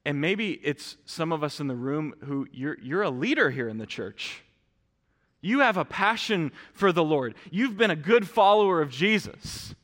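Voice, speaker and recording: Preaching in a church sanctuary, a pastor talks earnestly and directly to his congregation, often going back to restart sentences. His voice is high-pitched and a bit bright. It sounds as though it's in a large hall.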